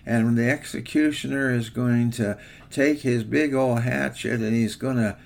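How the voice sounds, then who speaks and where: A man's voice: mid-range voice, steady tone, measured pace, vocal fry. An older man voicing a greedy, threatening king in a told story, in a blustering, demanding way.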